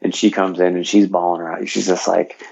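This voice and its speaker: A man's voice: sits low, flat delivery, a little fast, creaky, a little mellow, breathy edge, lo-fi sound. A man, a fitness trainer and motivational speaker, telling his own story earnestly as a podcast guest and leaning on "you know" fillers. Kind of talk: personal story in a podcast interview.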